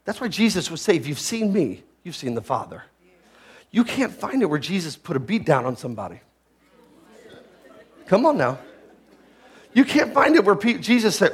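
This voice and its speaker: High-voiced preaching man. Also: very animated, normal speed, pauses often, breathy edge. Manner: swings from shouted high peaks to low hushed teaching; asks the listeners rhetorical questions. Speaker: pastor. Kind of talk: sermon.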